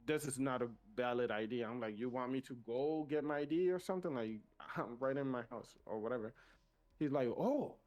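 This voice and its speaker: A man with a non-native accent, co-hosting a podcast and telling a casual story animatedly, acting out both sides of a conversation. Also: medium pitch. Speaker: podcast co-host.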